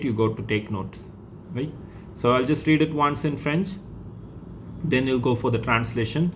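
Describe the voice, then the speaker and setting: Indian-accented male teacher, mid-pitched, patient explainer, faint hiss behind. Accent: Indian English. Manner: explains slowly, repeats words, many okays. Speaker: French teacher. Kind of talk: classroom lesson.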